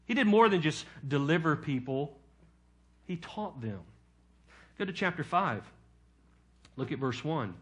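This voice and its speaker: A man's voice: a little high, lively intonation, measured pace, long pauses. A male pastor preaching a sermon, teaching from scripture and putting questions to his congregation.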